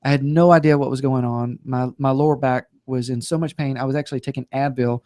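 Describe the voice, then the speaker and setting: A man's voice: medium pitch, fairly even intonation, fast talker, warm tone, dry recording. A man guest on a talk show, telling a personal story with humor and playful acted-out quotes.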